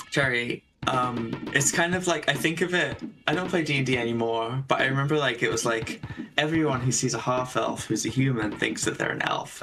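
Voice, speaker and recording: A man's voice: mid-range voice, gravelly, rough recording. A man with a northern English accent, chatting dryly and laughing as a stream guest. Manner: dry, laughing, rambling. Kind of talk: casual chat. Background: game music.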